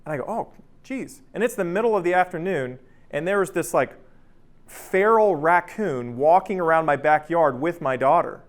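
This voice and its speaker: Here a man in his thirties, voice on the high side and pace moderate, leads workplace training in a relaxed, conversational style. He often asks "right?" and animates his anecdotes energetically.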